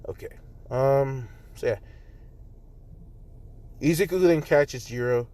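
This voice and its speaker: A man's voice: medium pitch, takes it slowly, dark tone. A man improvising a fan story in a rambling, casual way, full of fillers, recorded on a phone.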